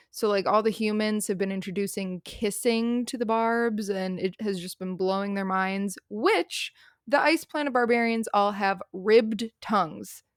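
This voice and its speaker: A young woman casually recapping a novel's plot in a chatty, animated way, full of fillers. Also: medium pitch, clean tone, no room sound, clean studio sound. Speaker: book reviewer.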